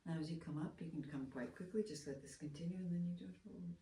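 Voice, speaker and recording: A woman teaching a hands-on movement lesson, talking in a gentle, soft-spoken, unhurried way. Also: on the low side. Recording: roomy, from far off, faint room noise.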